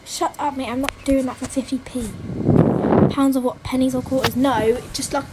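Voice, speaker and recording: Teenage girl, English accent, high-pitched, chatty livestream talk, loud noise behind her. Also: fairly even intonation, normal speed. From Britain. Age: teens. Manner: chatty, giggly, says "like" and "mate" a lot. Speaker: livestream host. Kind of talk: casual livestream chat reading comments. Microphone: phone.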